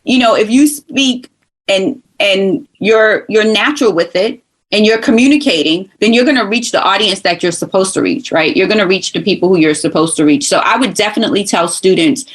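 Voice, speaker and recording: A woman's voice: medium pitch, brisk. A woman from Brooklyn with a New York accent talks in an easy, emphatic interview style. Her voice sits in a middle register. She often slips into quoted voices to make a point. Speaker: guest, former college instructor. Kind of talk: casual interview chat.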